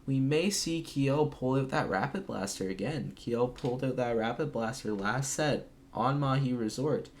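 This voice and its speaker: A man casting an esports match alone from home, calling plays and then talking more quietly so as not to wake others. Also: mid-range voice, slight background noise. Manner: rapid excited calls, then quieter. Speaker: esports caster. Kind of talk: solo play-by-play commentary.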